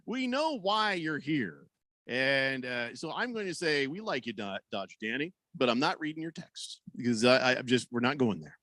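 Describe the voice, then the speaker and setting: A man's voice: medium pitch, expressive, brisk, few pauses, pushed and bright, dry recording. A man hosting sports talk radio, rambling and joking as he reads listener texts.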